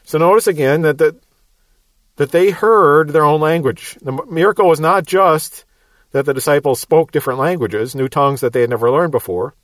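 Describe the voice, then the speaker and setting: Male bible teacher, midwestern accent, slightly high voice, dry close sound, verse-by-verse explaining. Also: moderate pace, no room sound. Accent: Midwestern American. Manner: explanatory, repeats words, light chuckles.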